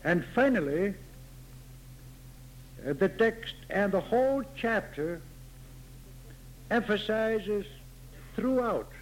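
A man preaching a sermon slowly and deliberately, stressing key words through repetition. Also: high voice, expressive, slight background noise, rough recording. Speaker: pastor.

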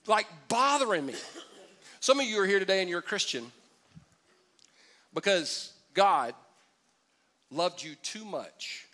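High, bright-voiced male pastor preaching. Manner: conversational, humorous, animated preaching with crowd call-and-response. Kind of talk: sermon. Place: church auditorium.

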